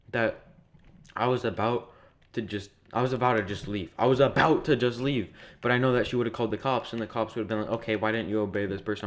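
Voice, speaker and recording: A young man telling a story in a casual, rambling, repetitive way, sounding exasperated. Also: mid-range voice. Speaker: vlogger.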